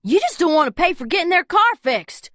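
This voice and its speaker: A woman voicing an indignant young male bystander, pitched up high. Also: sing-song, a little fast, fairly bright tone, dry recording, clean studio sound, full character voice. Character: young excitable boy bystander.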